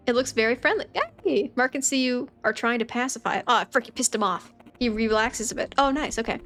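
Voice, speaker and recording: A woman's voice: a little high, brisk, hardly any pauses, a bit bright, faint music behind. A woman streamer giving playful, joking commentary while playing a game. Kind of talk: let's play commentary.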